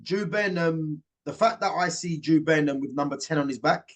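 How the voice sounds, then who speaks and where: A man's voice: a little high, fairly quick. A man hosting a casual football chat, talking in an emphatic, opinionated way. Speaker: host.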